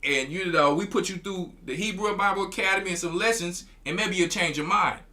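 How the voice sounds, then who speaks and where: A man's voice: high voice, brisk, pushed and bright. A man, a church elder, preaching commentary in a scolding tone, often stumbling and repeating his words.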